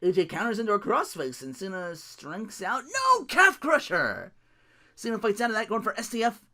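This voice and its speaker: A man hosting a podcast, recapping wrestling matches in a casual, animated play-by-play, laughing often and swearing freely. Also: high voice, a little fast. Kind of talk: casual solo recap with impressions.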